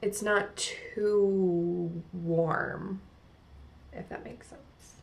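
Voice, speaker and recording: This beauty vlogger is a young woman from New Jersey, talking through a makeup routine at home before a mirror in her local accent. She speaks very slowly with vocal fry, her pitch fairly low and her intonation fairly even, chatty and rambling with plenty of "like."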